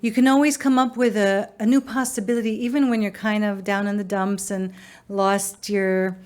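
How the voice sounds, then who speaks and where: A woman's voice: mid-range voice, steady tone, normal speed, a little mellow. A woman singer on a talk show, explaining her thoughts in a reflective way and often asking "right?". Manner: reflective, uses rhetorical "right?". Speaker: singer and co-host. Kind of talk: casual talk show chat.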